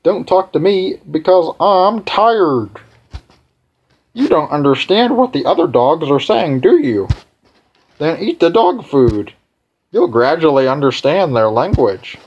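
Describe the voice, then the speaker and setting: A man's voice: on the high side, expressive, slow pace, lo-fi sound, a little hiss or hum. Give me a man putting on a weary old dog. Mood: tired. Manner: tired, matter-of-fact. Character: weary old male dog, once human.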